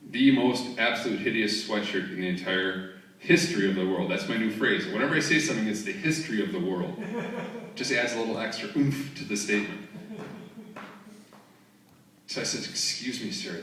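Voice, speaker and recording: Brief: male stand-up comic, sarcastic and chatty, bright voice, recorded from afar in an echoey theater. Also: lowish voice. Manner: sarcastic, conversational. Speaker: stand-up comedian. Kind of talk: stand-up comedy set. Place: theater stage. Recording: roomy, distant audience recording.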